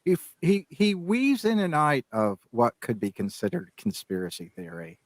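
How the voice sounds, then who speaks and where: A man in his fifties co-hosts a podcast, rambling through casual chat in a halting way, full of restarts and fillers. His voice is on the high side with wildly swooping pitch, and the recording is dry.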